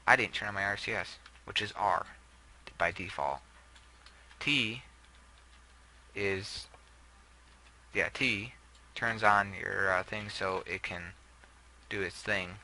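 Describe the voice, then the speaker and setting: A man's voice: fairly low pitch, slow, pauses often, pushed and bright, slight background noise, rough recording. A young man giving casual, rambling gameplay commentary, often trailing off and putting himself down. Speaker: gameplay video host.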